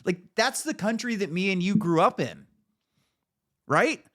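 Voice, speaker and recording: Middle-aged male podcast host, crude mocking banter, lively pitch. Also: measured pace. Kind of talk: casual chat.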